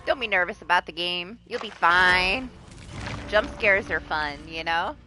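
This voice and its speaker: A woman's voice: lowish voice, measured pace, bright, forceful tone, soft background music. A woman chatting casually on a live game stream, swearing often and laughing. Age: adult.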